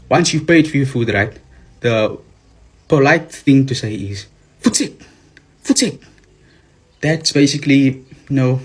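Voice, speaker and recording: A man explaining local phrases in a joking, deadpan way. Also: mid-range voice, slightly rough.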